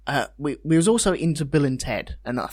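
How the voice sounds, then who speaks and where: Cheeky anecdote-telling guest, dry sound. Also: male voice, fairly high pitch, expressive, a little fast, darkish tone, no room sound. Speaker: podcast guest. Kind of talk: casual chat.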